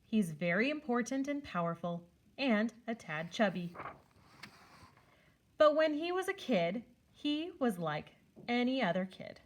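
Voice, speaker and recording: Woman, children's story read-aloud, lively and expressive, fairly high voice. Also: a little slow. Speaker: school staff reader.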